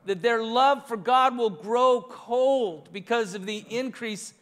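A man's voice: very high voice, takes it slowly, fairly bright tone. A man preaching a sermon as pastor, earnest and repetitive in his phrasing. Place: church sanctuary. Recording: long reverb of a large church hall.

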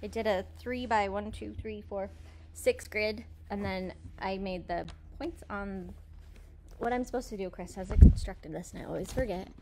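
A woman hosting a casual live stream from a quilt shop, chatty and quick to laugh. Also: mid-range voice, noisy background.

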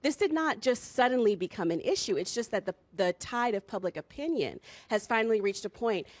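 A woman's voice: on the high side, animated, a little fast, no echo. A woman speaking as a panel guest on a TV discussion, making impassioned, articulate arguments point by point. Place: TV studio.

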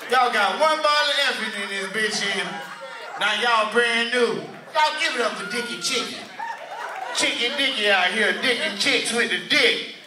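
A male stand-up comedian doing loud, profane crowd work in a church hall venue. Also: very high-pitched, animated, normal speed, background noise. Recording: echoey hall, mic from far.

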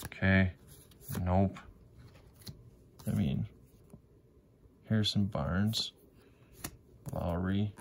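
A man's voice: low-pitched, steady tone, very slow, long pauses, slight background noise. A man commentating casually as he opens sticker packs, swearing often, grumbling about bad pulls and talking to his viewers. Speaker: sticker pack opener. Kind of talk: casual pack-opening vlog commentary. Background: wrappers crinkling, faint clicks.

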